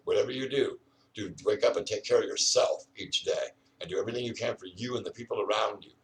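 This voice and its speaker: A man's voice: on the low side, quick pace, far from the mic. An older man rambling and ranting outdoors, full of "you know" fillers. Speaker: vlogger.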